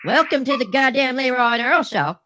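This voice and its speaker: A man's voice: very high voice, animated, brisk, sharp tone. A man co-hosting a crude comedy show, brash and mocking, swearing freely. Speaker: co-host.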